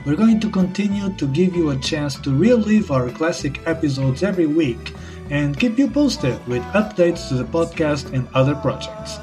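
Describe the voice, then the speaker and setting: A man's voice: fairly high pitch, animated, normal speed. A man hosting a comedy podcast sketch, delivering his lines in a theatrical, gloating way. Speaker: podcast host. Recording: echoey room, far from the mic, faint music.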